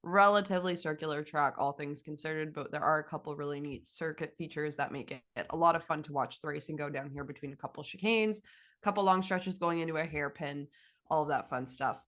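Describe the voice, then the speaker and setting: A woman's voice: low voice, brisk, fairly bright tone. A woman from Canada co-hosting a podcast, chatting in an upbeat way and reading out facts. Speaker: podcast co-host. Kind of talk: casual chat.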